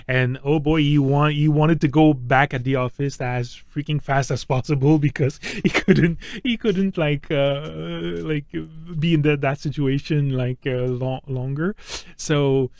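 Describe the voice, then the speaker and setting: A man's voice: on the high side, fairly even intonation, measured pace, a little mellow, no echo. Man, middle-aged, hesitant, restarts a lot, dry close mic. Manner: hesitant, many fillers and restarts, laughs easily. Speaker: co-host. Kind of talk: casual health chat.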